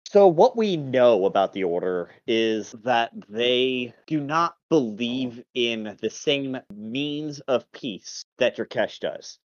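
A man's voice: mid-range voice, no echo, dull audio. A man playing a captured captain of a lord's guard, answering questions in a plain, matter-of-fact way.

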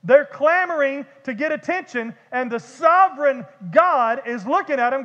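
High-voiced preacher in echoey church. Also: male voice, moderate pace, few pauses. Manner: animated, conversational preaching with vivid humor and repeated words. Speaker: pastor. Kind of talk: sermon. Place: church sanctuary. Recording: dull echoey church hall.

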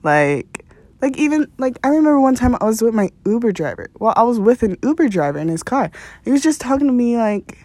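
A woman's voice: on the high side, big pitch swings, a little fast, dark tone, no room sound. A young woman hosting a podcast, telling a rambling story in a casual, profane way and laughing often. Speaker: podcast host.

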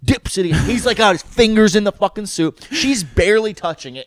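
A man telling a story in casual chat, animated and profane, with lots of "like". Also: high-pitched, a little fast, few pauses, slight background noise.

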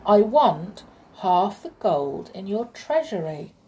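A woman's voice: mid-range voice, very animated, slow pace, dark tone. A woman playing a bold little flute player. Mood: sly. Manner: firm and lecturing.

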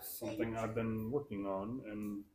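A man running a tabletop game as dungeon master for his friends, narrating calmly. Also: fairly low pitch, normal speed. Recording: echoey room, faint noise.

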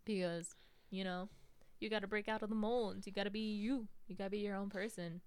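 A woman's voice: medium pitch, steady tone, a little fast, darkish tone, clean tone, dry recording. A young American woman chatting casually as a podcast host, telling stories with lots of "like" and "you know". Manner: acts out quotes in a raised voice. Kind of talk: casual chat.

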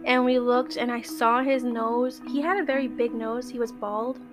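A woman, a guest, telling a true scary story in casual, slangy talk, excitable and now and then swearing or dropping into Spanish. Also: on the high side, moderate pace, music in the background.

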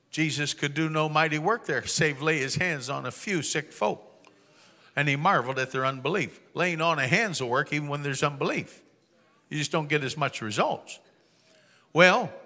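A man preaching a sermon through a story, folksy and humorous, slowing down and rising for emphatic proclamations. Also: fairly high pitch, gravelly, pushed and bright, big-room sound.

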